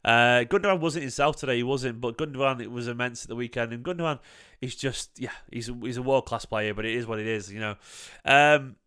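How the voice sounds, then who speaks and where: A man reacting to a match live for his fan channel, in a smooth, clear voice. His talk is casual and emphatic, with a pitch that sits in the middle. He hammers points home by repeating them and swears freely. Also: fairly quick, sharp tone. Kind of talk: livestream football match reaction.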